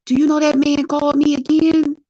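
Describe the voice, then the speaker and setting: A woman guest in a casual chat, telling a story in an animated, expressive way. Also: high voice, brisk, dry recording. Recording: dull lo-fi sound.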